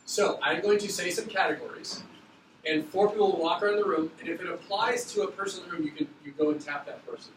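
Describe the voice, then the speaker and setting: A man teaching a middle school class, explaining an activity in a loose, quick, joking way. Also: sits high. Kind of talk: classroom instruction. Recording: echoey classroom, far from mic, background noise.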